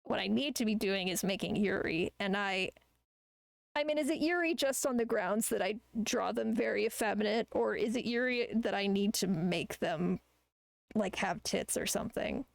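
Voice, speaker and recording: A woman's voice: mid-range voice, normal speed, gravelly, dry recording. A woman chatting casually while she draws on a live art stream, rambling and ranting with plenty of swearing. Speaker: artist streamer.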